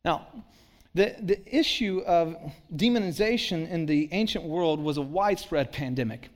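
A man preaching a sermon to a congregation in a conversational way, acting out quotes and dropping low and quiet to stress a point. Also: normal speed. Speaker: pastor. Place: church.

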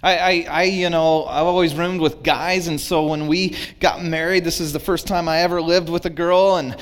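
A man's voice: a little high, moderate pace. A middle-aged man preaching a sermon, telling stories and acting out both sides of an argument. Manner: animated storytelling, acts out both sides of arguments. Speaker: pastor.

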